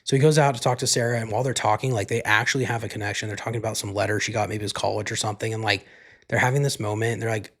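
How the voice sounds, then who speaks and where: A man's voice: lowish voice, steady tone, racing. A man hosting a solo podcast, rambling casually through a movie recap and swearing freely. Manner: laid-back, rambling, leans heavily on "like" and swears freely. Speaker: podcast host.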